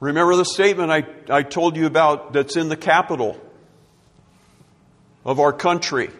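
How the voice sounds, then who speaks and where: A man's voice: a little high, normal speed, fairly bright tone, big-room sound. A man preaching a sermon, emphatic and repeating his key words for effect.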